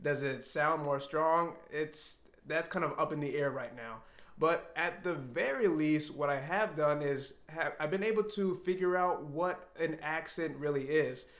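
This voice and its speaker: A man with a somewhat high voice talks to camera in an earnest, reflective way, often asking himself questions out loud. His voice rings around a roomy, echoey space. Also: measured pace. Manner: earnest, thinking aloud, with self-questions. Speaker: language learner vlogger. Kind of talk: reflective solo talk to camera.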